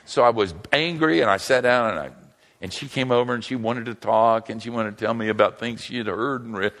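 A man's voice: lowish voice, brisk. An older man preaching a humorous sermon, telling stories and joking with the crowd. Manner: animated storytelling, joking with the crowd. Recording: long hall reverb.

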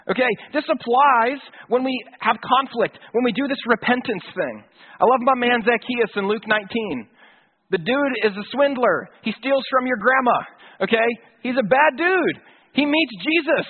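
A man's voice: extremely high pitch, husky. A man preaching a sermon in a casual, conversational way, with slang and acted-out quotes. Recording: tinny phone-like sound.

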